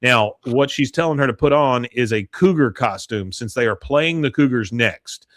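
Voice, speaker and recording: Halting man recapping a cartoon episode. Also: mid-range voice, no room sound. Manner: halting, many fillers, animated when quoting. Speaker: podcast co-host recapping a TV episode. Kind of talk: casual recap with acted-out quotes.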